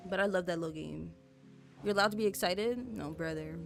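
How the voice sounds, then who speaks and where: Brisk and low-pitched with vocal fry, this young woman streams a building game and chats casually with her audience. Her talk rambles, packed with fillers and small giggles, over faint background music.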